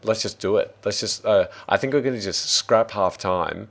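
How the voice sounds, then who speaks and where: Deep-voiced Australian game master. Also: male voice, moderate pace, vocal fry. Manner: upbeat, rambling, restarts often. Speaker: dungeon master and stream host. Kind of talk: casual stream chat.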